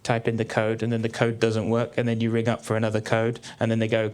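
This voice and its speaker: Dry deadpan comedian. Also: male voice, brisk, hardly any pauses, a little hiss or hum. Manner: deadpan, dry delivery with sudden high exclaimed punchlines. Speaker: stand-up comedian. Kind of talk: stand-up comedy set. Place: theatre stage. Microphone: stage mic. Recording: live theatre with crowd laughter. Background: audience laughing.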